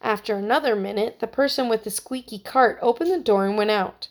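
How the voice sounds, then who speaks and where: A woman narrating a children's story with a steady, expressive reading. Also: a little high, a little fast.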